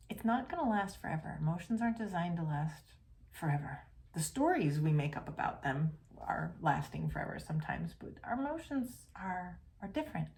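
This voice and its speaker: A woman hosting a podcast, talking earnestly and casually about feelings, sometimes dropping into a soft whisper. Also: lowish voice. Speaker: podcast host and coach. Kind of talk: reflective podcast monologue. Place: home.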